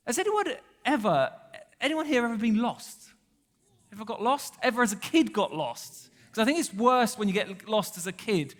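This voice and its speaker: A man preaches with a high, light voice that rings through a reverberant church hall. His delivery is chatty and playful, breaking into laughter and little sung snippets. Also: fairly bright tone. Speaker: pastor. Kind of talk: sermon.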